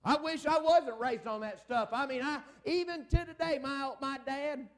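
A man's voice: very high voice, moderate pace. A middle-aged man preaching a folksy revival sermon in a church, calling out for amens from the congregation. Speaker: evangelist. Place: church service.

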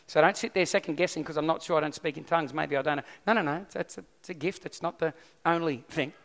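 A man preaching a sermon as pastor, lively and often putting questions to the congregation. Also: a little high, fast talker, gravelly. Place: church hall. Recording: long hall reverb.

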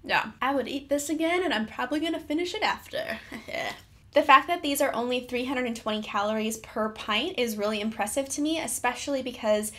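A woman's voice: a little high, a little fast, pushed and bright. A young adult woman, a fitness vlogger, giving a chatty, upbeat product review and reading out nutrition facts.

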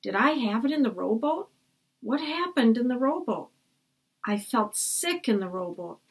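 A woman's voice: fairly high pitch, sing-song, a little slow, husky, exaggerated voice. A woman voicing a worried young boy in a storybook. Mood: anxious.

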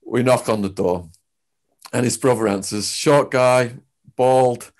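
A man with an English accent, a guest in a sit-down interview, telling his story in an animated way with big swings in pitch and loudness. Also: slow. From England.

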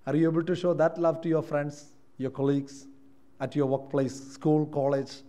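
A man from Kerala with an Indian English accent, preaching a sermon in a church, moving between quiet reflective lines and loud emphatic ones. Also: a little high, level tone, moderate pace. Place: church hall.

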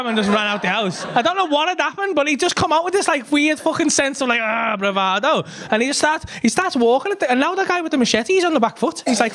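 A male comedian with a Liverpool accent tells a story from a club stage into a handheld mic. He talks in a fairly high voice that leaps up and down as he swears and plays the people in the tale. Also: fast, hardly any pauses, noisy background. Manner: animated, swearing, acts out the people in his story. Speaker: stand-up comedian. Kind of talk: stand-up storytelling.

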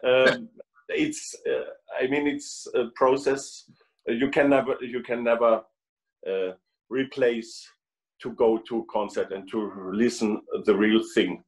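A man's voice: mid-range voice, steady tone, takes it slowly, poor audio. A German man, a trumpet player speaking English as a second language, chatting on a video call and often repeating words as he searches for them. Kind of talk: casual video call chat.

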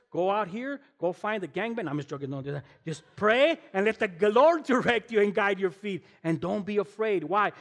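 A guest pastor with a high-pitched voice delivers a sermon in a church sanctuary, and a long hall reverb trails after his words. He's animated and emphatic, throwing rhetorical questions at the congregation and slipping in casual slang.

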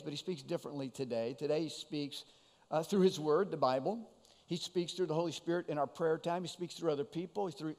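Casting note: male pastor, high voice, chatty sermon delivery with restarts, church hall reverb. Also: darkish tone. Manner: conversational, frequent restarts and repeated words.

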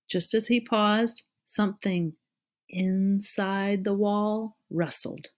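A woman narrating a storybook aloud in a steady, measured way. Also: mid-range voice.

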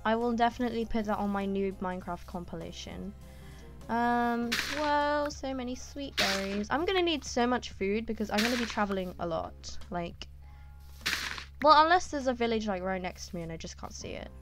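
Chatty excitable woman narrating gameplay. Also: fairly high pitch, music in the background. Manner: chatty and excitable, many ums, quick gasps and exclamations. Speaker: gaming YouTuber. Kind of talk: casual gameplay commentary.

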